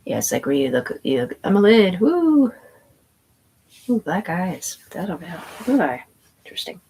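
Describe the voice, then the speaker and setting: Low-voiced woman telling a rambling story. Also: big pitch swings, measured pace, warm tone, slightly rough, poor audio. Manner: profane, meandering, full of fillers and restarts. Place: indoors at home.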